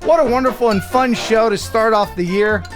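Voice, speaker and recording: Upbeat male host, loose live-stream banter over light background music. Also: high-pitched. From United States. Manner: upbeat, chatty, quick to laugh. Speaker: host of a live drone show. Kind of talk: casual live-stream chat.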